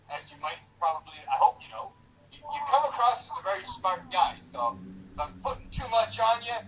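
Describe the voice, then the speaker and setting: A man's voice: high voice, sharp tone, far from the mic, slight background noise, poor audio. A drunk man from Canada with a Canadian accent, delivering a rambling, preachy monologue to a stranger over a video chat, repeating himself for emphasis. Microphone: webcam mic.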